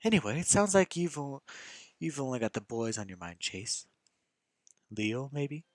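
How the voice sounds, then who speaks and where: A man's voice: mid-range voice, big pitch swings, moderate pace, no room sound, voice pushed up, natural voice. A man voicing an eager, teasing young woman friend with an upbeat manner in an amateur visual novel reading.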